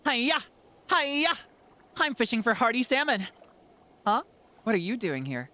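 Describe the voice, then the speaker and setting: A man voicing an excitable, scatterbrained bird-folk child in a squeaky, breathless voice. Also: a little slow, exaggerated voice. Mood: cheery.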